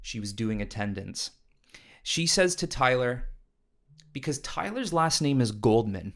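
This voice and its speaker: A young man co-hosting a casual podcast, telling high school stories animatedly and swearing freely. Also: very animated, unhurried, vocal fry, a bit bright. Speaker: podcast co-host. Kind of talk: casual storytelling chat.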